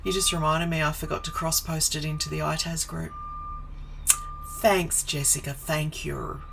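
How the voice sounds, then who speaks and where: A woman's voice: low-pitched, fairly even intonation, normal speed, vocal fry, noisy background. A woman in her forties chatting casually on a live stream from her home office, greeting viewers by name and wandering into asides. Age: 40s.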